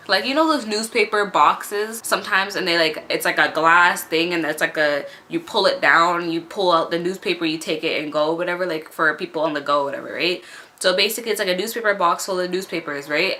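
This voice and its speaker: A woman in her twenties telling a casual storytime, animated and profane, laughing often. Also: medium pitch.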